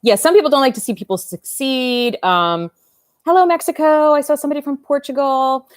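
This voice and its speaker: A woman in her 50s speaks briskly in a high-pitched voice as she hosts a casual doll-collecting livestream, reading comments aloud, rambling, and eating. Clean studio sound, no echo.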